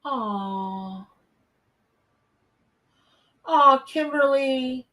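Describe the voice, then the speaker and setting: A woman's voice: sits high, very slow, bright, forceful tone, far from the mic. Chatty woman tarot reader. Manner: chatty, effusive, reads out viewer names. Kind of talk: live-stream chat and readings. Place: home office.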